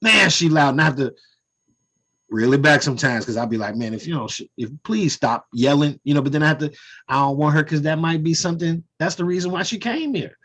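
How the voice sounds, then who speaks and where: A man's voice: a little high, quick pace, a bit bright. Man talking reflectively on a video call. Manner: reflective, frequent "you know" and "man". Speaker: discussion participant. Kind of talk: casual group conversation.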